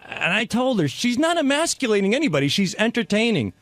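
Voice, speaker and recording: A man's voice: high voice, very animated, brisk, few pauses, a bit bright, dry recording. A man chatting on a radio show, telling a story animatedly and quoting others. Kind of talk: casual studio chat. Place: radio studio.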